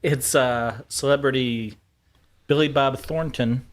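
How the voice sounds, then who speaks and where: A man with a mid-range voice tells a wry story during a relaxed chat. His delivery is casual and dry. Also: medium pitch, slow pace. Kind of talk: casual banter.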